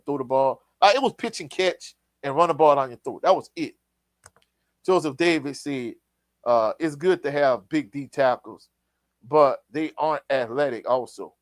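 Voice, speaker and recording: A man with a fairly high voice rants through a postgame football reaction in blunt, exasperated slang, now and then reading out viewer comments. The recording is dry and close, with no room sound. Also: dry recording. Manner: blunt, exasperated and ranting, casual slang, reads out chat comments. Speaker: sports show host. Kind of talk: heated postgame football reaction, live stream.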